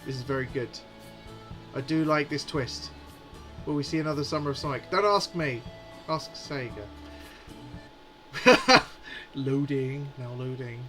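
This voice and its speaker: A man's voice: a little high, unhurried, pauses often, sharp tone, soft background music, low-quality recording. A man in his forties hosting a live stream, chatting in a rambling, amused way. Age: 40s. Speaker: livestream host. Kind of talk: casual live chat.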